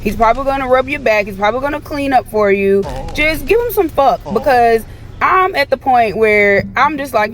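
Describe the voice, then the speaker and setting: A woman's voice: high-pitched, animated, moderate pace. A woman giving casual advice to the camera, exasperated and repeating her point.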